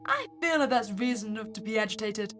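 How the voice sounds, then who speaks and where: A woman's voice: on the high side, lively intonation, fast talker, fairly bright tone, faint music behind. A woman playing through a horror visual novel, reading the player's lines aloud and adding wry, sarcastic asides. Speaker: game streamer.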